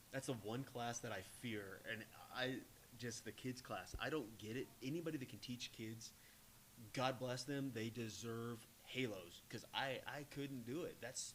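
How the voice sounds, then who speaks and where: A man hosting a casual interview podcast, encouraging and quick to laugh. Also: mid-range voice. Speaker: podcast host. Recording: faint background hiss.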